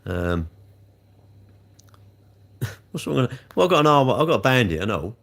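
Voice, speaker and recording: A livestreamer with a mid-range, gravelly, slightly bright voice speaks in a sing-song way at normal speed. He answers comments in a chatty, rambling manner and reprimands trolls with increasing heat.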